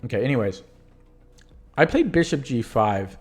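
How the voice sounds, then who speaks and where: A hoarse young man talks through his chess games in a loose live-stream style, with a voice of ordinary pitch. He wanders, corrects himself mid-sentence and drifts off as he thinks aloud. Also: big pitch swings, normal speed, soft background music. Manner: rambling and self-correcting, often trailing off. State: losing his voice. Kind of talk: casual live-stream commentary.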